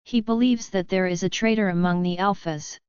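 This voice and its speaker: A woman voicing a protective, possessive young werewolf alpha king, in a gruff, commanding way, in an audiobook. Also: high-pitched, fairly even intonation, brisk, no room sound, dull audio, natural voice. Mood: stern.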